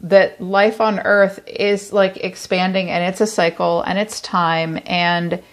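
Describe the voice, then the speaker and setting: A woman reads tarot cards aloud to her viewers, talking in a chatty, blunt way. She swears now and then without fuss. Her voice sits a little low. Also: flat delivery, takes it slowly. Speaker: tarot reader. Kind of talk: solo tarot reading to camera.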